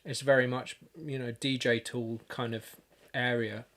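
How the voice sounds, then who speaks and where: A man chats his way through a music production livestream at an unhurried, slow pace, stopping often to gather his thoughts. His voice sits at an ordinary middle pitch, and his talk is loose and full of fillers and restarts as he thinks aloud at his desk mic. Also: little pitch movement, a bit bright. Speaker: music producer streaming a session.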